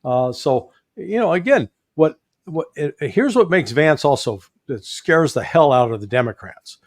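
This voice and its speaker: A Midwestern-accented man with a fairly high voice talks politics as a guest. He is animated and folksy and drops joking asides. The sound is dry and close, with almost no room echo. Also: measured pace. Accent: Midwestern American. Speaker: guest commentator. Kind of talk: casual political commentary.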